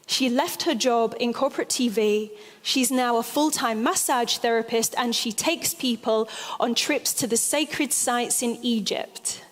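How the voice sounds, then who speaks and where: Woman telling stories in a stage talk, fairly high voice, long hall echo. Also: a little slow. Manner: expressive, animated storyteller. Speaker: expert speaker on altered states.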